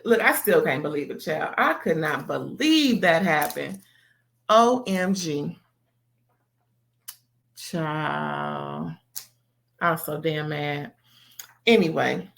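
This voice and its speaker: A woman giving an animated, emphatic recap of a TV episode, swearing and exclaiming as she reacts. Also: fairly low pitch, creaky. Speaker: TV show reviewer. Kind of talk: casual recap and commentary.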